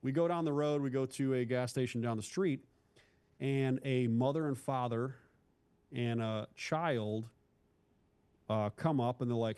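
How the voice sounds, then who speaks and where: A man's voice: medium pitch, a little slow, pauses often, a little mellow, clear, resonant tone. A man from Northeast Ohio, a former police officer, telling a hard story from his career in a candid, blunt, casual way as an interview guest. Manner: candid, blunt, calls the host bro.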